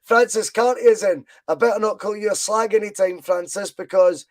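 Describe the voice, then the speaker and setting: Booming high-voiced podcast host. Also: male voice, brisk, low-quality recording. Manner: loud, animated, reads out viewer comments. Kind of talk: casual fan podcast chat.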